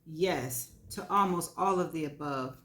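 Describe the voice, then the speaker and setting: A woman's voice: deep voice, a little slow, fairly bright tone. A woman giving a live reading of frank first-person fiction, wry and laughing between lines. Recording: echoey room.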